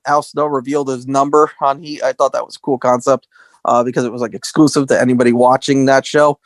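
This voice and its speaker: A man's voice: mid-range voice, no echo. A man co-hosting a podcast, chatting casually and acting out quotes as he retells wrestling stories. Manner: animated storyteller acting out quotes. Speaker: podcast co-host.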